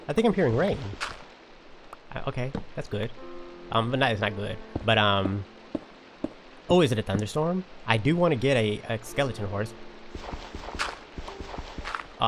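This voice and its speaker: A man giving uncut running commentary on his own game, talking to himself and venting frustration out loud. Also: mid-range voice, big pitch swings, normal speed, long pauses, over music. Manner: talks to himself while playing, frustrated outbursts. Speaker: Minecraft let's player.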